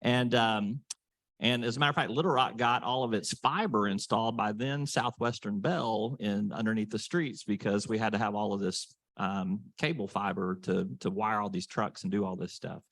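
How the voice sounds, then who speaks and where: A man's voice: on the low side, steady tone, normal speed, a bit bright, no echo. A man moderating a panel, telling a story in a folksy, casual way with many fillers. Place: meeting room.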